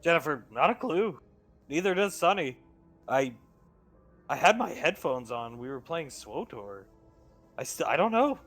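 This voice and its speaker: Bright, lively game master man. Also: a little high, unhurried, pauses often, faint music behind. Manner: laughing, animated. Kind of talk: narrating a tabletop game on a live stream.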